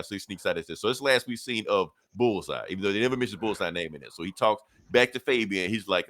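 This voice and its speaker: A man's voice: lowish voice, expressive, quick pace, few pauses, pushed and bright, no echo, studio quality. A man on a podcast retelling a comic book story in casual chat, acting out the characters' lines and swearing and laughing as he goes. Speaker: podcast co-host.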